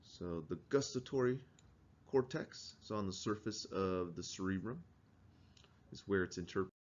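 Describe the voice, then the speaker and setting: Low-voiced man lecturing a class. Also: animated, normal speed, highs cut off. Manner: asks the class questions, conversational. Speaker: teacher.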